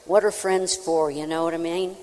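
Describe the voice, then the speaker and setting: A woman, a country singer, telling a folksy, animated comic story on a live stage before an audience. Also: fairly low pitch, moderate pace. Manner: folksy, animated, with acted-out voices. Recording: reverberant live hall.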